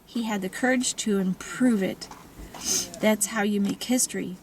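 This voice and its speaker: A woman voicing a smooth, confident middle-aged man who lectures with easy charm, in an audiobook reading. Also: mid-range voice, moderate pace, darkish tone, slight background noise, natural voice. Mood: admiring.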